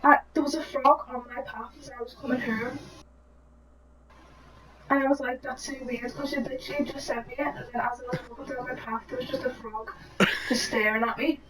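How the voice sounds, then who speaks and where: A woman's voice: sits high, fairly even intonation, brisk, a crowd in the background, low-quality recording. A young woman co-hosting a podcast, chatting casually with friends and laughing often. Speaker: podcast co-host. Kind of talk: casual chat among friends.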